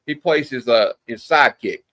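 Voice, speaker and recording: A man of middle pitch hosts a casual film review. He rambles and restarts often, piling up fillers as he goes. The sound is close and dry, with no room around it. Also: moderate pace, a bit bright, no room sound. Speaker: movie review host. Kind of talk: casual movie review chat. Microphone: streaming setup.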